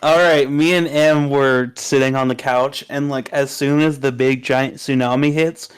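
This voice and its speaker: A young man on a podcast teases his friends and laughs through loose banter. His voice sits at an ordinary middle pitch. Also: fairly even intonation, unhurried, noisy background. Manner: teasing, laughing. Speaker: podcast co-host. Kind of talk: casual banter.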